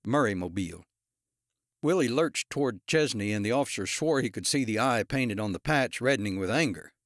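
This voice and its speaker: A man narrating an audiobook thriller in a steady, even storytelling manner. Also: mid-range voice, fairly quick, dry recording, studio quality. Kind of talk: scripted narration.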